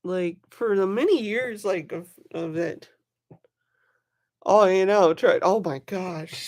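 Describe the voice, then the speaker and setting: This livestream features a knife collector in casual, excitable, rambling conversation, greeting people in the chat by name. The voice is mid-range and slow.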